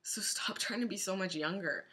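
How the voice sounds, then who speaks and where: Earnest bright-voiced woman vlogging. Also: medium pitch, moderate pace. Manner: earnest, direct, addressing women listeners. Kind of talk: casual spoken blog post.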